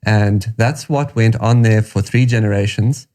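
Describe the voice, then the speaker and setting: A man from South Africa with a South African accent, a podcast guest telling his story in a measured, reflective way. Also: on the low side, mellow. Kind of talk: storytelling interview answer.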